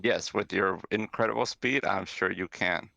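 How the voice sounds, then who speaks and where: A man running a tabletop game as game master, narrating in a relaxed way with hesitant fillers and corrections. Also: low-pitched, normal speed, gravelly, no room sound, muffled recording.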